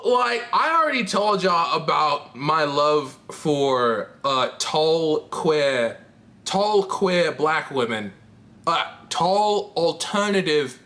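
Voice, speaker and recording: Trans woman vlogger, bright, lively and candid, laughs a lot. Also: low-pitched, extremely slow. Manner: candid, rambling, laughs often, swears casually. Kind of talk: casual confessional chat to camera.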